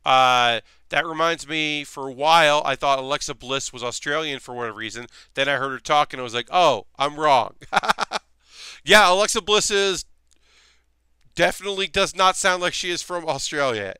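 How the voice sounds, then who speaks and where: Brief: male streamer, bright tense voice, rambly casual chat from a home workshop. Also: fairly high pitch, fairly quick, clean tone, dry recording, clean studio sound. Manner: rambling, chatty, many fillers. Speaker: streamer building costume armor.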